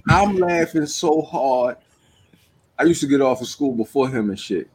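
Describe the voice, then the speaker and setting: A man co-hosting a podcast, telling stories loudly and swearing freely while he laughs a lot. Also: medium pitch, animated, normal speed, crowd noise. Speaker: podcast co-host. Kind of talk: casual chat.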